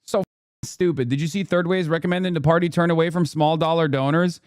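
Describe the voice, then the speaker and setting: A man hosting a live stream, reacting to political clips with loud, profane, mocking commentary that swings into shouting. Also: a little high, fairly even intonation, quick pace, no echo, clean studio sound.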